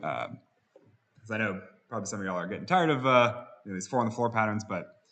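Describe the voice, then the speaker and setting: A man teaching music production software, relaxed, with frequent fillers and restarts. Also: on the low side, fast talker. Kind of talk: software tutorial.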